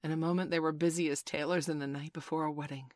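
A woman reading a storybook aloud, calm and measured with gentle expression. Her voice sits on the low side, and the recording is dry and close. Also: no room sound. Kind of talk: storybook read-aloud narration.

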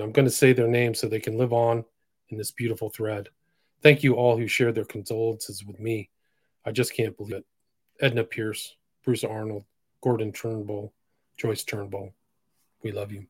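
A man's voice: on the low side, normal speed, no room sound. Dry-voiced man reading posts aloud. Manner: reads quotes flatly, with sudden loud emphatic bursts. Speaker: podcast host.

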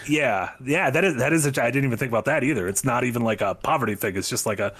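Husky male livestream host. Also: medium pitch, fast talker, a bit bright. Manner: joking, reads donations aloud. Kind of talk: casual livestream chat.

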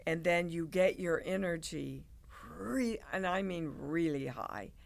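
An older woman, a guest actress, telling animated stories in a casual interview and acting out the people she quotes. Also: fairly low pitch, measured pace, vocal fry, a little hiss or hum. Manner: animated storyteller, acts out quoted voices.

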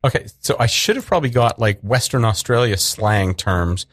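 A man's voice: mid-range voice, lively intonation, normal speed, no room sound, clean studio sound. A man hosting a casual interview, asking teasing questions in a playful way. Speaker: interviewer, host.

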